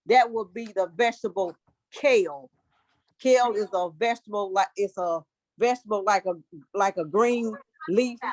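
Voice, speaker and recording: A woman reads riddles aloud to her book club. She takes them slowly and carefully and corrects herself when she slips. Her voice sits at an ordinary middle pitch. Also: rough recording. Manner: slow, careful reading that corrects itself.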